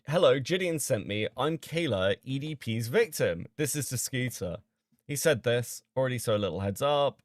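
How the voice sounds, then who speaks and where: Excitable man reacting on stream, dry close mic. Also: medium pitch, no room sound. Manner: excitable, swearing, jumps to loud disbelief. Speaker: streamer reading and reacting to chat logs. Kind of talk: casual reaction commentary.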